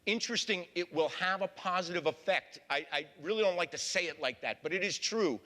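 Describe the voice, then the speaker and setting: A man's voice: high voice, brisk, bright, forceful tone. A man giving a public history talk as a lecturer, folksy, often addressing the audience as folks. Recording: long hall reverb.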